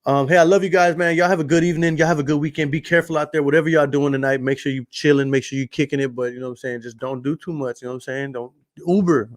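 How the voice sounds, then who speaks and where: A man's voice: a little high, steady tone, very fast, hardly any pauses, dry recording, studio quality. A man with a Texan accent hosting his podcast in a casual monologue, swearing freely and repeating phrases for emphasis as he tells stories. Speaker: podcast host.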